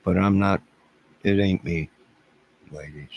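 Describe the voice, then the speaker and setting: A man's voice: low voice, fairly even intonation, takes it slowly, gravelly, slightly rough, muffled recording. A man hosting a casual livestream, rambling and self-deprecating as he chuckles and answers viewers' chat. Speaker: livestream host.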